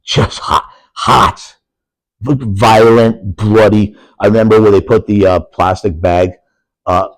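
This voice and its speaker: Speaking slowly in a lowish voice with fairly even intonation, a middle-aged wrestling guest with an Upper Peninsula Michigan accent chats casually on a podcast. He rambles and laughs easily, and the rough recording has no room sound.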